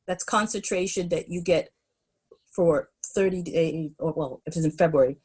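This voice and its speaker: Animated woman telling a story. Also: on the low side, husky. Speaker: guest. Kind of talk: storytelling in a podcast interview.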